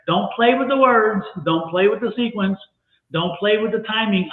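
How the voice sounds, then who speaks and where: A man's voice: sits high, brisk. A man giving tarot readings on a live stream, stressing points by repeating phrases. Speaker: tarot reader. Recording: echoey phone-like live-stream audio.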